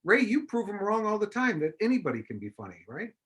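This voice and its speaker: Man, panel moderator, video call, bright tone, slightly high pitch, summarizing. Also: wildly swooping pitch, fast. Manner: summarizing and handing off to other panelists. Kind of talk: conference panel talk.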